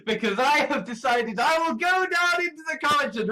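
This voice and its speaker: A man's voice: very high-pitched, sing-song, moderate pace, pushed and bright. A man vlogging, rambling bluntly about politics and swearing freely. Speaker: video blogger. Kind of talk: profane ranting commentary.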